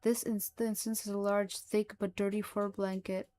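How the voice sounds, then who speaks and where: Lady reading horror, slow and even, flat delivery. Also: mid-range voice. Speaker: narrator.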